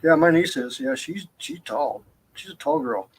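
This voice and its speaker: A man's voice: fairly high pitch, normal speed, slight background noise, low-quality recording. A man in casual chat, telling family stories with emphatic asides. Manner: chatty, emphatic storyteller.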